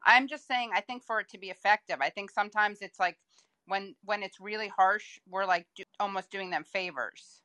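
Bright-voiced woman guest, earnest. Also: mid-range voice, moderate pace, no echo. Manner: earnest, hedging, many fillers. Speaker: podcast guest. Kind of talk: casual political chat.

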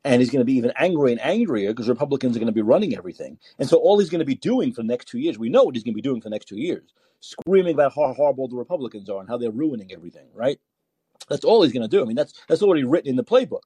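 Older guy hosting a podcast, husky mellow voice, goes up and down a lot, sarcastic and fed up. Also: mid-range voice, big pitch swings, racing, dry recording. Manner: sarcastic, exasperated, repeats himself. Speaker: podcast host. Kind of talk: political call-in podcast rant.

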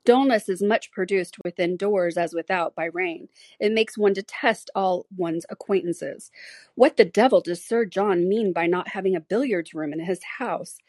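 Woman doing a grumpy sneering gentleman, slow and sour, dry audiobook sound. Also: lowish voice, dry recording, natural voice. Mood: grumbling. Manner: slow, grumbling, contemptuous. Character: sour, peevish gentleman husband. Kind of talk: audiobook character reading.

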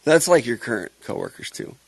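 A man's voice: medium pitch, huge pitch swings, fairly quick, creaky, slightly rough. A man in his thirties co-hosting a casual podcast, telling stories with jokes and swearing freely. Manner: joking, storytelling, swears freely. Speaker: podcast co-host.

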